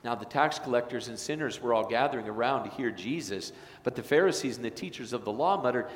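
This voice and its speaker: A man's voice: mid-range voice, lively intonation, fast, few pauses. A man preaching a sermon as a pastor, in an earnest, tender way. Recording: echoey church hall, faint noise.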